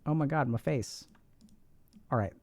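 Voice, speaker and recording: In a medium-pitched, darkish voice and at a slightly slow pace, a middle-aged streamer discusses mental health. He lectures his chat in a casual, emphatic way, repeating phrases for stress, and speaks to them directly and informally.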